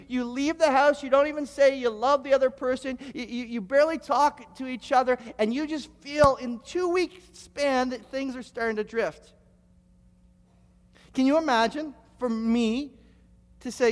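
A man's voice: very high voice, steady tone, moderate pace. Guy pastor preaching, stumbles and restarts a lot, big church echo. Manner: storytelling with frequent stammered restarts. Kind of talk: sermon.

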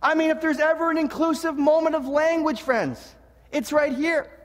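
A man preaching a sermon as pastor, earnest and animated, with humorous asides and frequent restarts. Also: very high voice, normal speed. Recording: long reverb of a large hall.

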